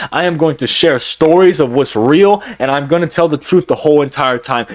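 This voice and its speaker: Emotional young man with a lively voice. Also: fairly high pitch. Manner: emotional, repetitive, swings between heated and subdued. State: close to tears. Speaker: YouTuber. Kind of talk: emotional vlog confession.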